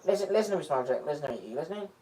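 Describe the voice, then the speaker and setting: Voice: medium pitch, lively intonation, racing, mellow. Someone doing a whiny american engine, rambles a lot, far off mic. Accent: American, put on. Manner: rambling, melodramatic, crude jokes. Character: stuck, whiny male toy engine James. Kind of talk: improvised comedy role-play. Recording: distant mic.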